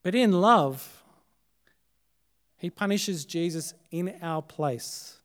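Australian male preacher, higher register, clean resonant tone, dramatic swings from forceful to hushed. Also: animated, takes it slowly. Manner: dramatic, swinging between loud emphasis and hushed, quiet phrases. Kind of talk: Good Friday sermon. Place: church service.

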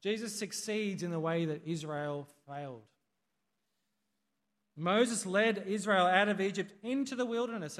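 A pastor preaches in a large church hall, his male voice high and fairly bright. He speaks conversationally during the sermon and poses questions to those gathered.

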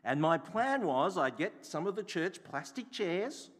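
A man's voice: sits high, big pitch swings, a little slow, a bit bright. A man, a bishop preaching a sermon, telling a personal story and asking the congregation repeated rhetorical questions. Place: church. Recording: echoey hall.

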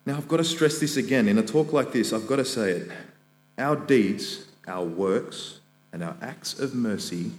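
A young man, a student minister, preaching a sermon in earnest, rising high and loud when he quotes scripture. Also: moderate pace. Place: church. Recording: echoey church hall with mains hum.

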